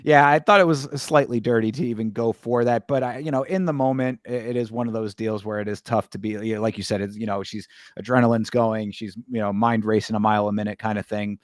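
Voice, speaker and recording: A man's voice: lowish voice, fairly even intonation, fast talker, hardly any pauses, no echo, clean studio sound. A man co-hosting a casual sports podcast, talking in an easygoing way with lots of fillers. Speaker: podcast co-host.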